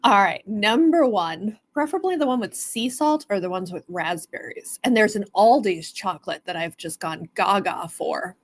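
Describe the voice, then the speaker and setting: A woman's voice: medium pitch, animated, normal speed, few pauses. A woman hosting a live stone sale stream, chatting casually and greeting viewers by name.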